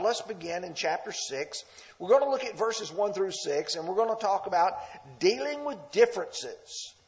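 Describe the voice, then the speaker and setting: Male preacher, high and lively voice, emphatic verse-by-verse sermon delivery. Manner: emphatic and confrontational at times; leads the listeners through texts verse by verse.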